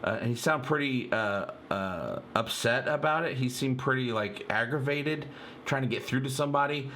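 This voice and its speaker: Excitable rambling man breaking down a trailer. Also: medium pitch, a little fast, a little hiss or hum. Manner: excitable, rambling, many fillers, addresses viewers as "you guys". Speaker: channel host.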